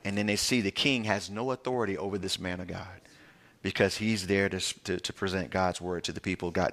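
A man's voice: lowish voice, fairly bright tone. A male pastor, teaching a verse-by-verse Bible sermon in a conversational, emphatic way and using plain everyday words.

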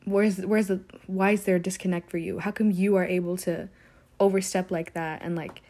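A woman's voice: fairly low pitch, steady tone, normal speed, mellow. A young woman giving a casual, rambling monologue, frustrated and full of fillers and restarts. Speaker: commentator.

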